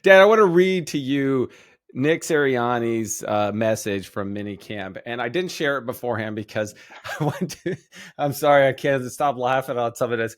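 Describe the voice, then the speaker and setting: A man's voice: medium pitch, moderate pace, dry recording, studio quality. A man co-hosting a casual sports podcast, who rambles with restarts and laughs often. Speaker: podcast co-host.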